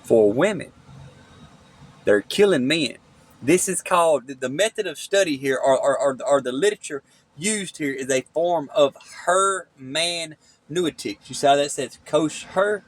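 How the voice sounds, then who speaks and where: Angry and swearing, a vlogger rants at his phone's front camera in a rambling monologue, repeating "okay?" over and over. His voice is a little high, his pace moderate, and the recording is dry.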